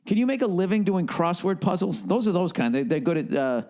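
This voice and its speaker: A man's voice: high voice, brisk, darkish tone. A man ranting sarcastically and profanely in a comedic podcast monologue, firing off mocking, incredulous questions. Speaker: podcast host.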